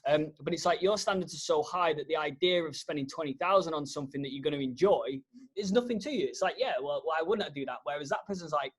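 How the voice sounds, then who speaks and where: A man's voice: a little high, fast, husky. A man co-hosting a casual podcast, with teasing, playful banter. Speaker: podcast co-host, personal development coach.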